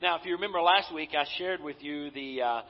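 A man's voice: fairly high pitch, a little fast. A man preaching a sermon as pastor, speaking with emphasis and putting questions to his congregation. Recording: dull recording with long hall reverb.

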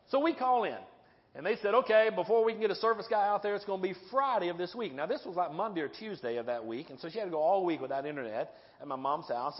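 A male pastor giving a sermon, telling stories in a lively way and often checking in with the congregation with "right?" and "okay?". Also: high-pitched. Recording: dull sound with long hall reverb.

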